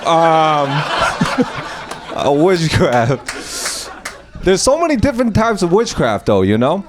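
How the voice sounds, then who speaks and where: A man's voice: high voice, very animated. A man doing improvised stand-up, chatty and teasing, often laughing along with the crowd. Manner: chatty, teasing, quick to laugh at his own jokes. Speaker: stand-up comedian. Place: comedy club stage. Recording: live club mic with noise behind.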